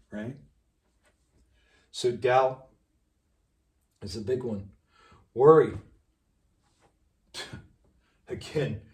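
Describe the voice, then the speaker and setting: A man's voice: medium pitch, a little mellow. A man giving an impassioned, preachy monologue to his viewers, piling up rhetorical questions and repeated phrases. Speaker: vlogger. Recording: echoey room, mic at a distance.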